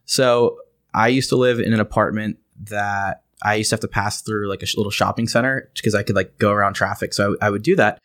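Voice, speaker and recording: An American man, hosting a casual chat and telling animated stories. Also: fairly low pitch. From United States. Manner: animated, fast anecdotes with voiced quotes.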